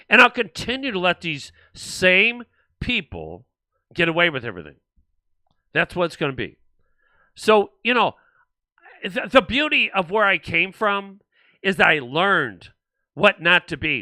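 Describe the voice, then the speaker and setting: Male livestream host, sarcastic political rant, lively high voice. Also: dry recording. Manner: animated and sarcastic, mocking other voices.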